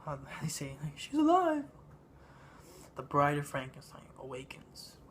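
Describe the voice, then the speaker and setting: A man giving a casual spoken movie review, halting and meandering, with lots of ums and uhs. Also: mid-range voice, level tone, pushed and bright, slight background noise. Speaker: film reviewer.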